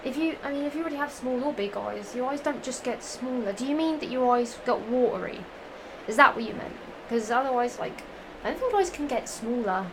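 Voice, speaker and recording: A woman's voice: on the high side, lively intonation, fairly quick, background noise. Giggly woman reading fan fiction aloud. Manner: giggly, profane, rambling asides.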